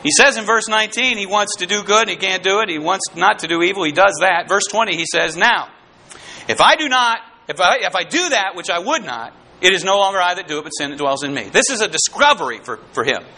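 Fervent male preacher with a very high, piercing voice; calls out to the congregation. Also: animated, fast talker, pushed and bright. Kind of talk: sermon.

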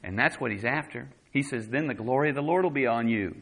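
A man's voice: mid-range voice, quick pace, creaky, a bit bright, slightly rough, low-quality recording. A man preaching a sermon as pastor, talking conversationally and voicing quotes dramatically.

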